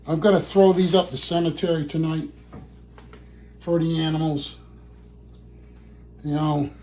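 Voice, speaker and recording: Slow-talking, profane man, somewhat breathless, muttering his way through a home cooking vlog with a faint hum behind him. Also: on the high side, darkish tone. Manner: rambling, swears often, mutters to himself. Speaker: vlogger. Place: home kitchen.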